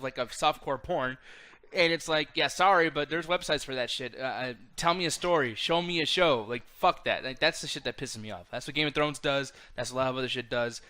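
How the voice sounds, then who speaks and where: A man's voice: on the high side, bright, forceful tone. Blunt, swearing man in a casual chat. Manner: blunt, profane ranting. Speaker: podcast co-host.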